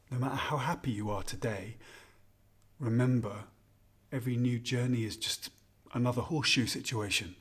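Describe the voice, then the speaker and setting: A man's voice: medium pitch, husky. An actor performing a scripted monologue as a husband who fondly and ruefully reminisces while toasting his wife on their anniversary. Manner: intimate, confiding, rambling reminiscence. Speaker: narrator of a spoken monologue.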